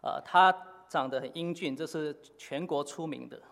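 A man preaching a sermon in short phrases, pausing often with fillers for an interpreter. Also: on the high side, gravelly, fairly bright tone. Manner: halting, many filler pauses. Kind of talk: sermon in Chinese with live interpretation. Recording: long hall reverb.

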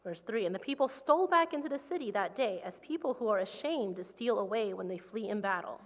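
A woman's voice: mid-range voice, lively intonation, a little fast. A woman interpreting a sermon into English line by line, reading scripture with feeling. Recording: long hall reverb.

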